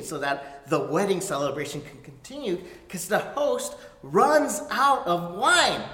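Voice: medium pitch, sharp tone, roomy sound, long reverb tail. A pastor preaching a conversational sermon and checking in with "right?" asides.

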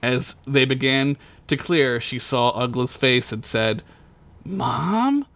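A man's voice: medium pitch, little pitch movement, measured pace, a bit bright. A man narrating a tabletop story as game master in a crude comedic style, breaking into laughter at his own jokes.

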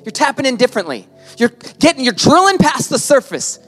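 A man's voice: very high-pitched, very animated, brisk, a bit bright, faint music behind, pitched above the performer's own voice, heavily acted. A preacher voicing God as an encouraging, fatherly figure who speaks earnestly and repeats phrases for emphasis.

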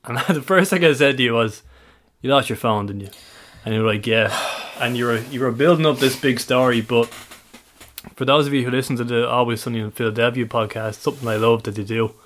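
A man's voice: mid-range voice, brisk, a bit bright, a little hiss or hum. A man co-hosting a podcast, teasing his friend and laughing as he sets up the story. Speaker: podcast co-host. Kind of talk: casual chat, setting up stories.

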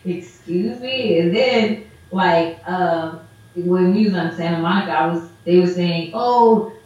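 A woman telling stories in casual chat, animated and acting out what people said, with lots of "like". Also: fairly low pitch, a little slow. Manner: animated storyteller, acts out quotes, heavy "like" filler. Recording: roomy echo, dull lo-fi sound.

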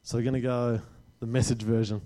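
A man's voice: medium pitch, level tone, brisk, warm tone. A man preaching a sermon to a congregation, speaking conversationally and often checking in with "right?".

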